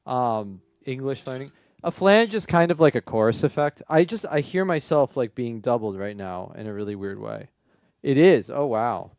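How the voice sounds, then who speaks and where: A man hosting a music request livestream who chats casually and thinks out loud, his voice running through a flanger effect. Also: medium pitch, studio quality. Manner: rambling, thinks aloud, laughs at himself. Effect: flanger and reverb on his voice.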